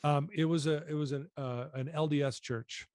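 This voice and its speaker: A man's voice: on the high side, steady tone, normal speed, darkish tone, no echo, studio quality. A man in his fifties telling his personal story as a podcast guest, earnest and emotional.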